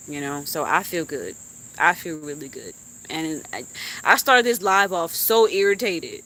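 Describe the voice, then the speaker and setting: A young woman venting on a live stream in a heartfelt, animated way, with swearing and laughter. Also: sits low, a little slow. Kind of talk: emotional casual chat.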